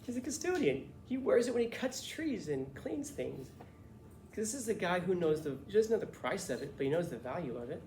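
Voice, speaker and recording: Brief: male teacher, casual storyteller, a bit high-voiced, echoey classroom. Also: a little fast. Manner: casual, lively, swears and jokes. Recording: echoey classroom, faint noise.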